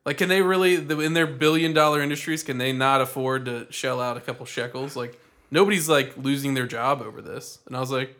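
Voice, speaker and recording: A man's voice: medium pitch, fairly even intonation, brisk, fairly bright tone. A man co-hosting a casual podcast chat, insistent as he walks through a scene in detail. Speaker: podcast co-host.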